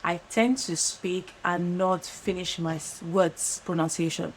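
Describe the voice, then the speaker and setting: A woman with a Nigerian accent giving earnest, fast-talking advice straight to camera, often checking in with "right?". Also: on the low side, fairly even intonation, slight background noise, rough recording. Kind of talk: direct-to-camera monologue. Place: lives in London.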